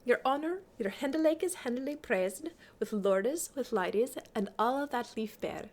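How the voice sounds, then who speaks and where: Coaxing, teasing court lady, voiced by a woman reader, lively high delivery. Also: moderate pace. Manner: playful, coaxing recitation in old verse. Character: flirtatious noble lady teasing a knight.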